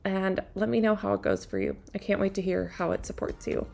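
A woman hosting her own podcast, telling a personal story in a chatty, excitable way with lots of casual fillers. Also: medium pitch, brisk, creaky, soft background music. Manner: introverted by her own account. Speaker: podcast host.

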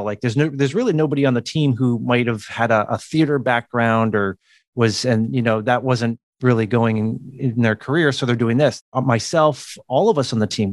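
A man's voice: medium pitch, dry recording, clean studio sound. A man from the United States, a communication coach, explaining things in a podcast interview with occasional laughs.

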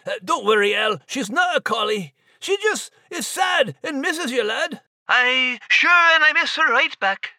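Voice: medium pitch, big pitch swings, measured pace, pushed and bright, no echo, studio quality, heavily acted. A performer voicing a hearty male sidekick who peppers his speech with "aye", "lad" and "wee". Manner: brogue-flavored talk with "aye", "lad" and "wee". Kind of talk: audio drama acting.

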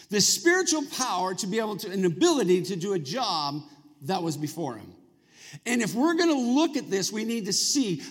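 A male pastor preaching a sermon in a church, talking conversationally and prompting the congregation to answer back. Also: sits high. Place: church sanctuary. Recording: long reverb of a large hall.

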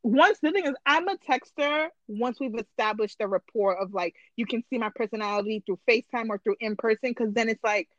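A woman co-hosting a podcast in casual chat, slangy and animated, making long points. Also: on the high side, fairly quick, few pauses, dry recording, lo-fi sound. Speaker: podcast co-host.

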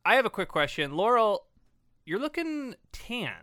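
A man's voice: high voice, big pitch swings, normal speed, pushed and bright, no echo, clean studio sound. A man co-hosting a casual comedy podcast, joking and self-deprecating in his banter. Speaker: podcast co-host.

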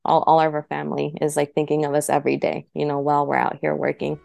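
An American interview guest, a young woman, shares her personal story in a chatty, heartfelt way, saying "like" constantly. Her low, gravelly, somewhat dark voice runs fast and flat, with no echo in the recording.

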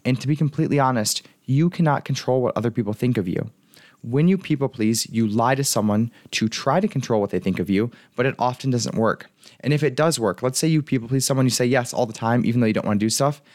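Male life coach, brisk casual monologue, frank storyteller, dry close recording. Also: medium pitch, a little mellow, dry recording.

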